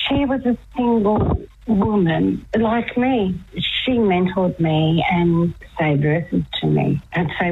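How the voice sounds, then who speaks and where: A woman guest on a radio show telling a personal faith story, chatty, laughing often and sometimes dropping to a hushed whisper. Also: lowish voice, lively intonation, slow, creaky, narrow, tinny audio, a little hiss or hum. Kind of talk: radio phone-in chat about faith.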